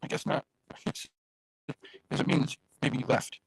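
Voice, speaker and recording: A man with a raspy voice hosting a casual livestream, chatting loosely and directly to his viewers over a phone. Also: a little slow, low-quality recording. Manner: rambling, chatty, talks straight to viewers. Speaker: livestream host.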